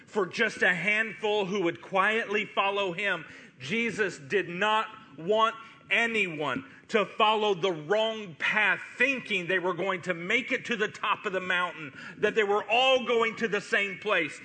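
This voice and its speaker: A man's voice: sits high, pushed and bright. A man preaching a sermon as pastor, pleading and impassioned, with much repetition.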